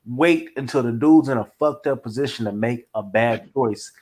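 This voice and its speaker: A man's voice: mid-range voice, moderate pace, darkish tone. A man in casual conversation who tells blunt, profane stories and acts out the voices in them. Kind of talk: casual chat, storytelling.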